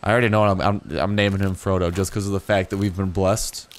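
A gaming YouTuber with a low voice talks fast over his gameplay, casual and jokey. The young man rambles through asides and bursts into excited outbursts.

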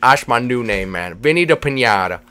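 A man's voice: mid-range voice, expressive, normal speed, pushed and bright, clean tone. Dude doing a chill lego guy voice, says man all the time. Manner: drawling, says "man" every line. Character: laid-back dude Lego figure who says "man" constantly. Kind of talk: Minecraft role-play.

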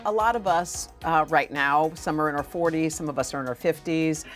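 A woman's voice: low voice, a little fast, soft background music. A woman host interviewing guests in a chatty, playful way.

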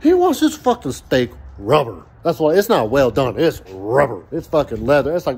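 A man's voice: mid-range voice, sing-song, normal speed, few pauses, darkish tone, husky. A young man ranting profanely and rambling outdoors by a grill in a vlog. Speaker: vlogger.

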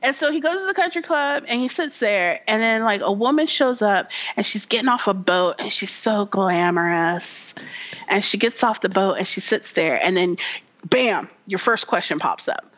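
A woman's voice: medium pitch, expressive, normal speed, fairly bright tone, poor audio. A woman co-hosting a podcast in casual chat, telling a story animatedly with lots of fillers and acting out the characters. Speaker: podcast co-host.

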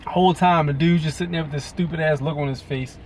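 A man's voice: a little high, fairly even intonation, quick pace, darkish tone, slight background noise. A man venting in a profane, rambling commentary to his viewers. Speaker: video blogger. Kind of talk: ranting commentary to camera.

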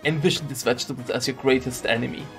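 A man's voice: medium pitch, steady tone, fast talker, faint music behind, lightly acted. A man doing a brash hot-headed guard captain. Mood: fired up. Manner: brash, loud, teasing, gets worked up. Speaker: streamer reading game dialogue aloud. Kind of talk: let's play voice reading.

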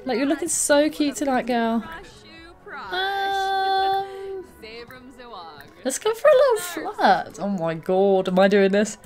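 Gushing woman, lively voice. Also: high voice, slow pace, long pauses, music in the background. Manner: gushing, excitable, many exclamations. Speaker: let's play host. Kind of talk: gameplay commentary.

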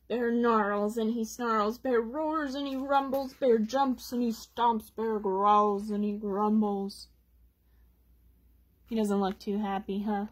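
A woman reading picture books aloud to children, expressive and asking them little questions. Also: a little high, slow. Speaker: children's storytime reader.

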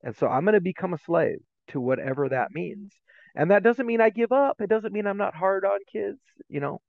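A man's voice: sits high, a little fast, creaky, dry recording. A middle-aged man, a guest educator, telling stories in a podcast interview and acting out the voices in them. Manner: animated, acts out voices in his stories. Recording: tinny, phone-like remote line.

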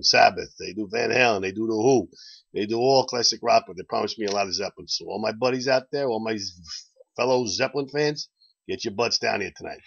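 A man's voice: on the low side, vocal fry, fairly bright tone, breathy edge, muffled recording. A man hosting a casual promotional video chat for his bar, rambling and chuckling as he sways in and out of frame. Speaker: bar owner and vlog host.

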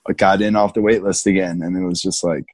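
A man in his thirties with a low, husky voice tells skiing stories in a laid-back, slangy way. He laughs often and acts out what others said along the way. The sound is close and dry. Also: flat delivery, quick pace, a little mellow, no room sound. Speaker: guest, big mountain skier. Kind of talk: casual storytelling interview.

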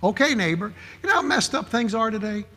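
Brief: male preacher, animated anecdotal sermon, bright edgy tone, church-hall reverb. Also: sits high, a little fast. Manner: animated storytelling, acts out quoted people.

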